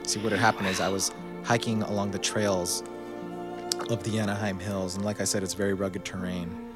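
A young man co-hosting a casual podcast, telling an absurd story with deadpan, mock-dramatic pauses. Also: sits low, music in the background. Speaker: podcast co-host.

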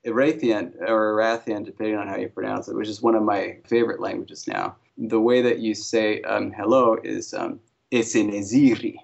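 Gravelly-voiced man, hesitant and chatty. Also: lowish voice, level tone, a little fast, few pauses. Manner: hesitant, many restarts and fillers. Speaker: alien language and culture consultant for a TV series. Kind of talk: casual interview answers. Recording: dull lo-fi sound.

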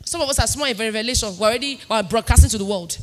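A Nigerian woman pastor in her thirties preaching a sermon, emphatic and sing-song, swinging between loud declarations and quiet asides. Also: a little high, racing. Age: 30s.

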